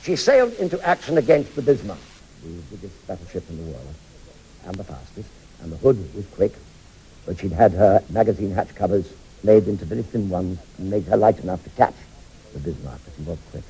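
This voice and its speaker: A man's voice: low-pitched, very animated, brisk, dark tone, husky, rough recording. An older man recounting memories from a naval battle in a vivid, emphatic way.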